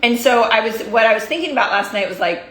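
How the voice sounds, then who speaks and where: This woman coach delivers a fired-up motivational talk to her followers, hammering her points home by repeating phrases. Her voice sits on the high side, a bit bright, with lively intonation and fast delivery. The room is roomy and echoey.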